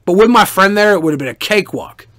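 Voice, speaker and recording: A man streamer answering viewer questions in casual, animated storytelling, profane and boastful. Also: high-pitched, fast, no room sound.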